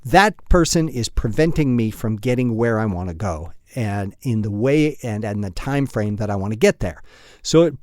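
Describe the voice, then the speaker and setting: A man's voice: medium pitch, darkish tone, dry recording, studio quality. A man hosting a casual solo podcast, talking bluntly with a lot of swearing, chuckling often and poking fun at himself. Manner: blunt and profane, with frequent chuckles; self-deprecating storyteller. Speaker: podcast host.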